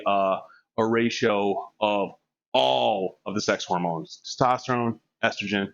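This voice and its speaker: A man's voice: fairly low pitch, fairly bright tone, lo-fi sound. A man streaming live during a gym session, chatting candidly and rambling, laughing often. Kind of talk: casual chat while working out.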